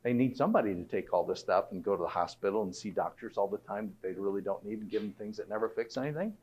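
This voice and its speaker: A man's voice: fairly low pitch, fast, darkish tone, slight background noise. A middle-aged man giving a conversational health talk to an audience, often tossing out rhetorical questions. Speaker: health speaker.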